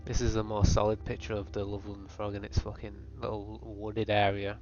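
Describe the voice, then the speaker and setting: Speaking in a fairly low, darkish monotone, a young man rattles briskly through a mock-serious, profane, rambling voice-over rant. He comes across as a comedy video host. The audio is dull and lo-fi, with faint background music.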